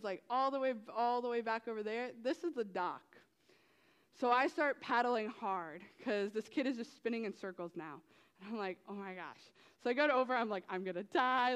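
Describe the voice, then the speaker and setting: A young woman with a fairly high voice tells a story to a youth group in a lively, chatty way, full of fillers and asides. Her voice rings out with a long reverb, as in a large hall. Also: smooth. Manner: animated storytelling with many fillers. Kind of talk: testimony talk to youth.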